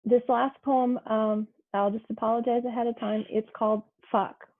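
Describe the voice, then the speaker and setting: A woman giving a poetry reading, slow and deliberate, pausing between phrases. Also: fairly high pitch, little pitch movement. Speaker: poet. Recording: thin phone-like sound.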